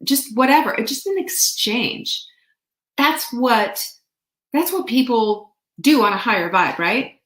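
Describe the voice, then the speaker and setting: A woman hosting a show, telling a story in a chatty, animated way with playful asides. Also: fairly high pitch, slow pace. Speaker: show host. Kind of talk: casual storytelling monologue. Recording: roomy echo.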